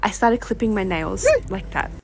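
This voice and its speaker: A woman's voice: medium pitch, moderate pace, vocal fry, a little hiss or hum. A young woman chatting through a casual vlog, bubbly and laughing often. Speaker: vlogger.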